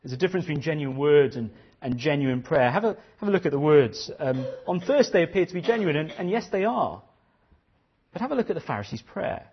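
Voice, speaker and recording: A man's voice: a little high, sing-song, brisk, breathy edge, dull audio. A man preaching a sermon, earnest and questioning, often repeating his phrases.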